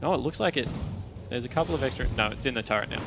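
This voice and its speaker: A man with an Australian accent, commentating a video game match on a headset and calmly explaining the mechanics in detail. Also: medium pitch, rapid-fire, music in the background. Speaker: esports caster. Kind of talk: play-by-play commentary.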